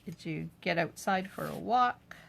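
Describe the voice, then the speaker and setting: An older woman hosts a live craft demo in her home craft room, chattily explaining each step and responding to viewer comments as she goes. Her fairly low voice is expressive, creaky and a bit bright, and she speaks a little slowly. Slight background noise is present.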